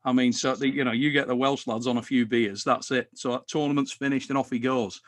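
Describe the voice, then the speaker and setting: A man hosting a casual chat, animated and quick to swear and tease. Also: mid-range voice. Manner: animated, swears, teasing banter. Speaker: podcast host.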